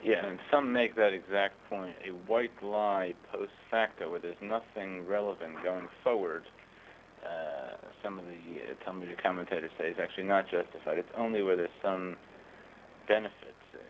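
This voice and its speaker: A man with a very low, deep voice explains things in a thoughtful, measured way. He pauses often with small hesitations as he works through his points. Faint ambient noise sits behind him. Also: low-quality recording. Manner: thoughtful, measured, frequent "uh" pauses, occasional chuckles. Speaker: guest, rabbinic scholar. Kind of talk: conversational explanation.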